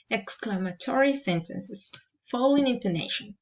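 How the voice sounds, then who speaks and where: A woman reading a pronunciation exercise aloud, with word pairs and sample sentences spoken slowly and carefully. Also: on the high side, animated, gravelly, dull audio.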